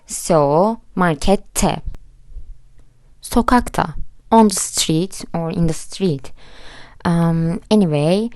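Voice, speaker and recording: Slow, patient woman teacher. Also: lowish voice, a little mellow, no room sound, studio quality. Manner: patient, spells out letters one by one. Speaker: language teacher. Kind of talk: slow explanatory lesson.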